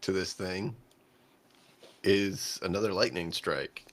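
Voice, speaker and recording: A man's voice: low-pitched, steady tone, takes it slowly, fairly bright tone. A man talking as a player in a tabletop game, wryly thinking aloud about his options. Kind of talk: casual tabletop game play.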